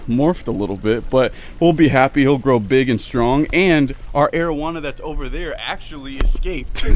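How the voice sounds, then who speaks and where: A man vlogging casually outdoors by his backyard pond, filming on a cell phone and chatting excitedly to the camera and to his fish. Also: mid-range voice, dull audio. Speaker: fishing and fish-keeping vlogger. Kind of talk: casual outdoor vlog narration.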